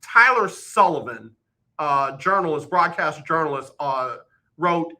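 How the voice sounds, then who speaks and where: Emphatic sports radio host, bright voice. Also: male voice, a little high, expressive, measured pace. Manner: emphatic, joking, repeats points for effect. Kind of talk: live sports talk radio. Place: radio studio.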